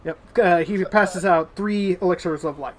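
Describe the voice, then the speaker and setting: A man narrating as game master in a halting way, sometimes losing track of names. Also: high voice.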